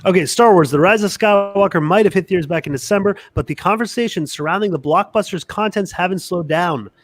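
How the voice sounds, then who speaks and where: A man's voice: sits high, a little fast, dry recording. A man with a congested voice, chatting animatedly as a podcast co-host and reading an article aloud. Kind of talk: casual podcast chat.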